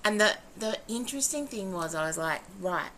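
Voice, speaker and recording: A woman's voice: mid-range voice, moderate pace, a little hiss or hum. A woman, a podcast co-host and facilitator, chatting casually and acting out quotes as she tells stories. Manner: animated storytelling, acting out quotes with laughs.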